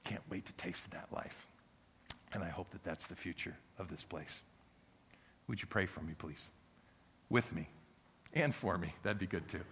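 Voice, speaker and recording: A male pastor preaching an impassioned sermon, swinging from loud pleading to hushed prayer. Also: low-pitched, normal speed, pauses often, slightly rough. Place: church sanctuary. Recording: long reverb of a church sanctuary.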